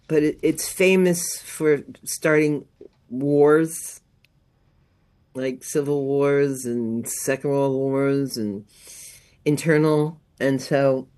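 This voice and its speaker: A woman guest astrologer chatting on a radio show, meandering and quick to laugh. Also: rumbling low, darkish tone. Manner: slow, meandering, laughs easily. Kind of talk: casual radio chat. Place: radio studio.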